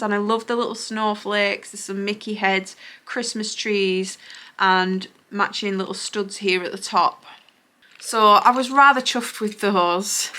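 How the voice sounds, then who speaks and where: Casual female vlogger, crisp bright tone, giggly and rambling with ums. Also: mid-range voice. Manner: chatty, giggly, lots of ums. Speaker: cake decorator vlogger. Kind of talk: casual vlog chat. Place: at home.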